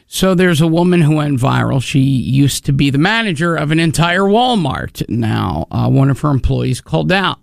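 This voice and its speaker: Gravelly, high-voiced radio host. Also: male voice, animated, moderate pace, few pauses, no echo, studio quality. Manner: chatty, filler-heavy storytelling. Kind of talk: morning radio banter. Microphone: studio mic.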